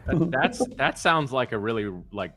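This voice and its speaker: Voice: medium pitch, animated, moderate pace, fairly bright tone. A regular on a live trading stream who teases the others and laughs at their own jokes. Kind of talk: casual live-stream banter.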